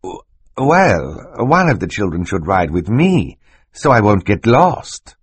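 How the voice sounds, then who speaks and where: A man's voice: lowish voice, big pitch swings, takes it slowly, slightly rough, dry recording, full character voice. A man reading an audiobook voices a scheming, menacing villain in disguise who speaks in an oily, mocking way. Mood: sly.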